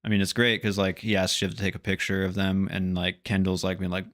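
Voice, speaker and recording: A young man with a very low voice co-hosts a loose podcast chat about a TV episode. He rambles with plenty of filler words and slips into quoting the characters as he goes. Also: completely flat delivery, brisk, a bit bright. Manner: rambling, acts out characters' lines in quotes. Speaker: podcast co-host. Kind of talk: casual TV recap chat.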